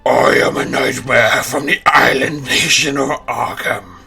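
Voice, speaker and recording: A man voicing a tentacled monster in a comic game, speaking slowly and ominously. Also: medium pitch, vocal fry, over music. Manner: slow, ominous, theatrical. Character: Cthulhu, a spooky slow tentacled monster.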